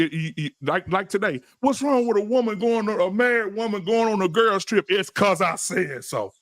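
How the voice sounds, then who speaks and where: High-voiced preachy profane man. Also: moderate pace, no echo. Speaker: podcast host. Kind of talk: heated panel talk. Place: live-stream podcast studio.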